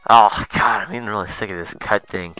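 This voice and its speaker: A young man doing let's play commentary, excitable and foul-mouthed, muttering asides and then yelping at the game. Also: fairly low pitch, brisk, dry recording, poor audio. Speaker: gamer.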